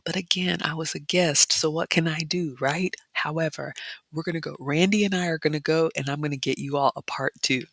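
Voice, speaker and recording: A woman vlogger chatting casually and reading viewer comments, dropping into excited whispers. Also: low voice, moderate pace, no room sound. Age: adult mother. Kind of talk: casual chat narrating photos, reading live comments.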